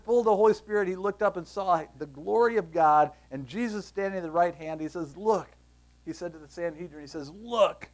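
A man preaching a conversational sermon, reading scripture aloud and acting out scenes with lively asides. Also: sits high. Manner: animated, conversational, acts out scenes. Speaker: pastor.

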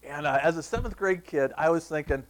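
A man's voice: on the high side, fairly quick. A man, preaching a sermon and telling a personal story, tearing up at times. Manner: storytelling, animated, emotional. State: tearful. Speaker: pastor.

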